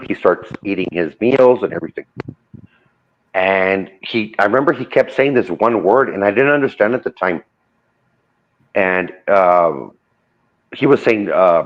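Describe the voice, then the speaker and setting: Storyteller: a man with a lowish voice, loose and conversational, recorded on dull, lo-fi sound. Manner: loose retelling full of "I go" and "he goes". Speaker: guest telling a true ghost story. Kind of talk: casual spoken storytelling. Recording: dull lo-fi audio.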